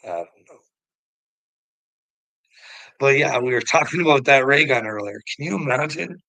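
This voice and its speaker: A man's voice: mid-range voice, a little fast, gravelly, bright, forceful tone, no echo, rough recording. A man livestreaming to his chat, ranting in a profane, confrontational, goading way.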